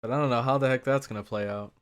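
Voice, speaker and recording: A man speculating out loud about what happens next in an anime. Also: mid-range voice, fairly even intonation, racing, smooth. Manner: speculating, thinking aloud. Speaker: anime reactor.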